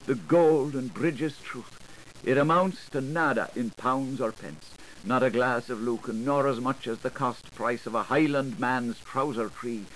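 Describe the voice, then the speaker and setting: A man's voice: mid-range voice, a bit bright, a little hiss or hum, rough recording. A man giving a dramatic reading of dense literary prose, switching between voices and registers as he goes. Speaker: reader.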